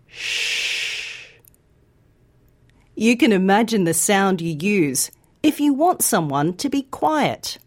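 A woman teaching pronunciation in a scripted podcast, speaking slowly and carefully articulating each sound. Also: mid-range voice, darkish tone. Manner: slow, clear, carefully articulated. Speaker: pronunciation teacher and news presenter. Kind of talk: scripted educational podcast narration.

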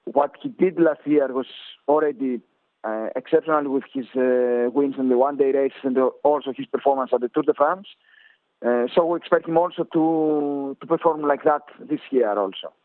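A man's voice: mid-range voice, moderate pace, no echo. Greek-accented man on a tinny line. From Greece. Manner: hesitant, many fillers and restarts. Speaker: cycling coach. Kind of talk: interview answers.

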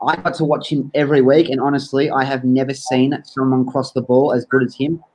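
A man's voice: mid-range voice, fairly quick, a little hiss or hum. A man on a sports panel, telling rambling stories in casual chat. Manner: rambling, animated storyteller.

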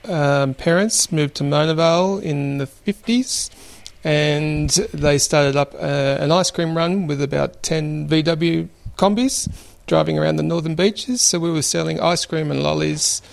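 A man in his fifties with an Australian accent, telling family stories in a relaxed, rambling way with many fillers. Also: a little high, a little slow, gravelly. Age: 50s. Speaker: interviewee. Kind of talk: relaxed storytelling.

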